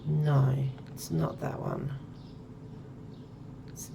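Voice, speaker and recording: A woman's voice: low voice, sing-song, measured pace, gravelly, pauses often, noisy background. A woman chatting casually and thinking aloud as she plays a game on stream. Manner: chatty, thinks aloud while counting items. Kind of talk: casual gameplay commentary.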